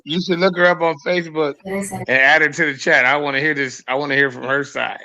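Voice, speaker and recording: A man's voice: on the high side, fairly even intonation, fast talker, pushed and bright, dull audio, a little hiss or hum. A man on a livestream call teasing a friend in profane slang and mimicking his voice. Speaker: stream guest. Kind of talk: casual group chat on a livestream. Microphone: online call.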